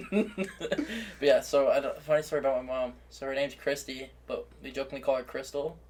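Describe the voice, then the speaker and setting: A man's voice: mid-range voice, a little mellow. A young man co-hosting a podcast, chatting casually and telling funny stories through laughter. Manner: laughing storyteller, quick asides. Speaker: podcast co-host. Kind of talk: casual chat.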